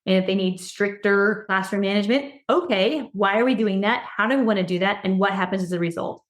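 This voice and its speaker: A woman speaking as a podcast guest, an education consultant talking earnestly and growing excited as she goes. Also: mid-range voice, brisk. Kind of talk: casual podcast conversation. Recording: roomy echo.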